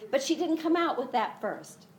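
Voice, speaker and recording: A woman with a high voice teaches the Bible to other women in a conversational way, speaking at a moderate pace over slight background noise. She's animated, raising her voice to act out the quoted lines, and she says "you know" a lot.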